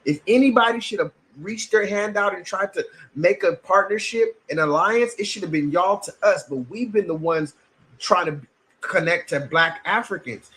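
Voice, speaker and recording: An American man on a livestream, speaking bluntly and emphatically with plenty of profanity. His voice sits high, with a bright, sharp edge to it. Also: moderate pace. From United States. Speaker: streamer. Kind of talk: livestream commentary.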